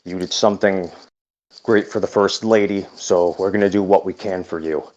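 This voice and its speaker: Deep-voiced ghoul ex-hitman played by a male game master, soft and deliberately polite. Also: fairly even intonation, highs cut off, lightly acted. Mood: persuasive. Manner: soft, deliberate, trying to sound nice.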